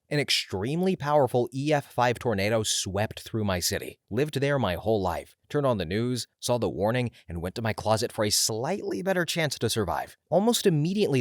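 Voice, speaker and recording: A man reading online stories aloud, telling them in an expressive, dramatic way. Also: fairly low pitch, no echo, studio quality. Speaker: story reader.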